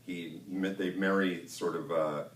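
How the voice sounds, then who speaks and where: Very deep-voiced thoughtful man. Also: fairly even intonation, measured pace, slight background noise. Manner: thoughtful, hesitant. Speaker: voice actor. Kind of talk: casual interview. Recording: roomy, distant mic with ambience.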